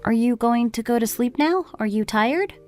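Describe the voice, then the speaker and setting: A woman voicing a caring young wife who speaks softly and with concern. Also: a little high, lively intonation, normal speed, faint music behind, natural voice.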